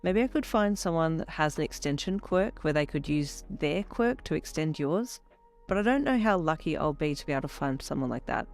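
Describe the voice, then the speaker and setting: A woman's voice: low voice, lively intonation, brisk, a little mellow, soft background music. A woman voicing a brash young female best friend who teases bluntly, in a fan fiction audio reading. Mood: coaxing. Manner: blunt, teasing, slangy.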